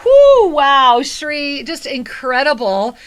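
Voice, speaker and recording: A woman's voice: sits high, very animated, slow pace. A woman hosting a spiritual call-in radio show, giving soul readings in an effusive, endearing way. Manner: effusive, endearing, calls callers angel and honey.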